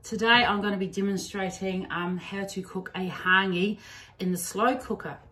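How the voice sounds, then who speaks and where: A middle-aged New Zealand home cook, her Kiwi accent touched by Australian, gives a homely, chatty kitchen demonstration full of ums and slang. Her mid-range voice is steady, bright and forceful at a moderate pace, recorded by a stand-mounted camera at a distance in an echoey room.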